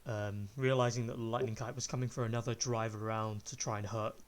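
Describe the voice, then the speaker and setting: Man calmly narrating as game master. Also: on the low side, fairly quick.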